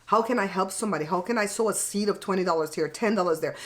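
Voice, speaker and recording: This is a middle-aged woman with a mid-range voice who talks fast while eating and chatting casually on her own channel. She's frank and blunt, plain-spoken with some mild cursing, and she laughs often.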